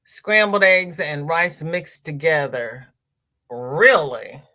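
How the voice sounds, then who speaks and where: A woman's voice: deep voice, animated, takes it slowly, bright, forceful tone. A woman hosting a crochet livestream, chatting casually as she reads viewer comments aloud and answers them.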